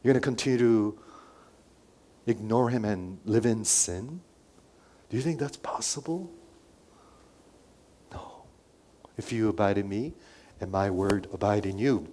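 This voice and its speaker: Preacher who swings loud and hushed. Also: male voice, on the low side, a little slow, long pauses, slight background noise. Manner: swings between loud emphatic lines and hushed whispered asides; repeats phrases, asks the congregation rhetorical questions. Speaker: pastor. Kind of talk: sermon.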